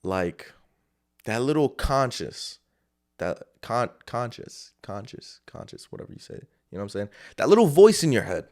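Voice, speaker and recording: Male solo podcast host, mid-pitched, casual and profane, rambling motivational delivery. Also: big pitch swings, moderate pace, darkish tone. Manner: loose, rambling, frequent swearing and fillers. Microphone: camera setup.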